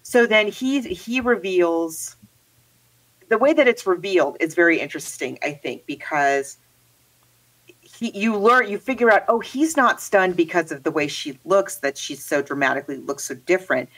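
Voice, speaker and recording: A woman in casual conversation about a story, enthusiastic and full of quick asides. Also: on the low side, expressive, fairly bright tone, low-quality recording. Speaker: co-host discussing a story. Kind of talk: casual chat.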